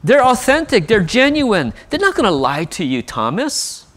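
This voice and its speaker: Give me a man acting out an exasperated Jesus firing incredulous questions, pitched high and very animated. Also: a little slow, vocal fry, heavily acted. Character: Jesus, an exasperated man chiding a stubborn friend.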